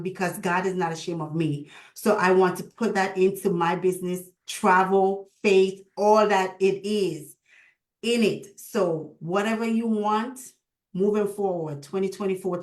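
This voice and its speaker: Prayerful woman host on an echoey call. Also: mid-range voice. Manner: prayerful and emotional, with lively retold dialogue. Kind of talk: heartfelt closing remarks on a video call. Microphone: video call.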